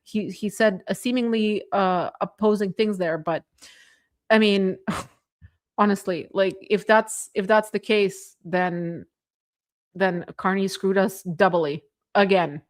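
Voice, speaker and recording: A woman's voice: medium pitch, steady tone, slow. A woman hosting a casual political livestream, reading viewer comments and chatting with a sarcastic edge, laughing often. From Canada. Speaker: livestream host reading chat.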